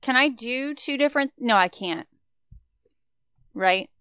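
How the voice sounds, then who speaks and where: Slow, smooth-voiced woman player. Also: sits high, lively intonation, a bit bright, dry recording. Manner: unhurried, thinks aloud. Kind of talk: tabletop game chat.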